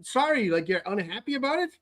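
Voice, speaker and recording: With a very high voice and big pitch swings, a podcast host tells a long story at a brisk pace in a slightly bright tone. The casual monologue is an exasperated rant, full of heavy swearing and repeated words.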